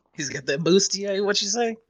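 A man's voice: high-pitched, expressive, measured pace, a bit bright, no room sound. A man co-hosting a podcast, making jokes as he comments on a movie. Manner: joking, wisecracking. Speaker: podcast co-host.

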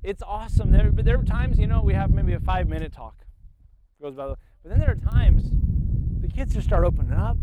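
A man's voice: sits high, expressive, brisk. A man preaching an impassioned sermon at a family camp, often repeating words as he builds up. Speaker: pastor. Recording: tinny phone-like sound with loud noise.

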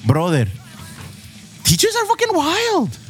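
A man's voice: very high-pitched, huge pitch swings, takes it slowly, soft background music. A man in his forties hosting a casual podcast, laughing often, swearing freely and stretching out headlines for emphasis. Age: 40s. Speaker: podcast host.

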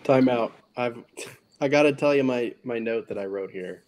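A man's voice: mid-range voice, normal speed, darkish tone, a little hiss or hum. A man in casual podcast chat, joking and chiming in with asides.

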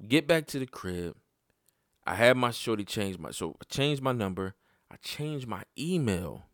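A man hosting a podcast, telling a personal story in casual, profane talk that climbs sharply in pitch when he gets worked up. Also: no room sound, clean studio sound. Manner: animated and profane, voice jumping up when heated. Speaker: podcast host.

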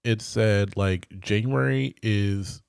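A man with a lowish voice co-hosts a podcast in loose, rambling chat. He talks in a chatty, easygoing way and lets a swear word slip now and then. The sound is dry and close, with no room around it. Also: slow, gravelly, darkish tone, smooth, no echo. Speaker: podcast co-host. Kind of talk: casual chat.

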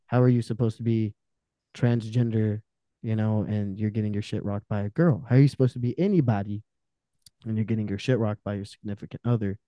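A young man speaking as a podcast guest, his voice very dark and mellow. He tells raw personal stories, swearing freely and flaring loud before dropping almost to a murmur. The sound is close and dry with no room around it. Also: on the low side, brisk, no room sound. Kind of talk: candid personal storytelling in conversation.

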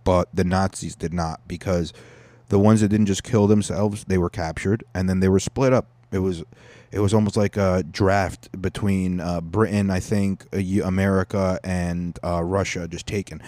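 Young male podcaster, low-pitched, casual, profane, dry mic. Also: steady tone, moderate pace, darkish tone, dry recording. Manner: joking, rambling, profane. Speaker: podcast host. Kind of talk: casual rambling podcast talk.

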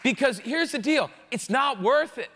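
A man, a pastor, preaching a sermon in a conversational, jokey, animated way. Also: very high voice, normal speed, big-room sound, a faint crowd.

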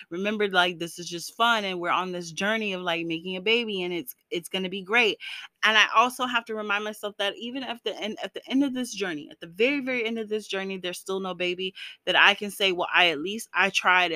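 A woman's voice: mid-range voice, pushed and bright, no echo. A woman talking to her viewers in an earnest, encouraging vlog, full of "you know" fillers. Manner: emotional, breaks into laughs while speaking. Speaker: vlogger.

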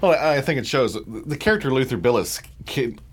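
A male interview host with a voice of ordinary pitch. He talks in an easygoing, appreciative way, keeping the conversation moving. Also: expressive, a little fast, breathy edge.

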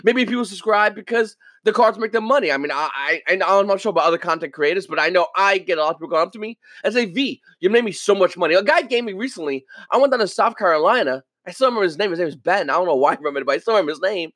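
A man hosting a casual podcast monologue, talking in an animated way and acting out the people he quotes. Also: sits high, very fast, few pauses, no room sound. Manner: animated, acts out quoted viewers. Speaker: podcast host.

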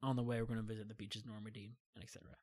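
Racing along in a fairly low voice, a young guest storyteller rattles through a long, casual travel story. It's a rambling, animated retelling heavy on fillers, with quotes acted out.

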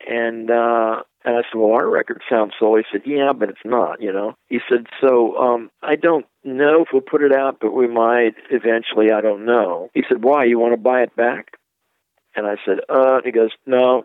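A man's voice: medium pitch, normal speed, dry recording. An older man from Ohio, a record producer, telling rambling stories as an interview guest and acting out the voices of the people he quotes. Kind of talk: anecdotal storytelling interview. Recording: tinny phone-like line, dry.

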